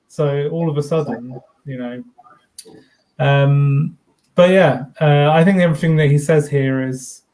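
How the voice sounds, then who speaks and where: Male co-host, a touch higher voice, relaxed explainer with casual swearing. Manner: explanatory, informal, mild swearing. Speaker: co-host of a theme park fan channel. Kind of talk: casual live-stream chat.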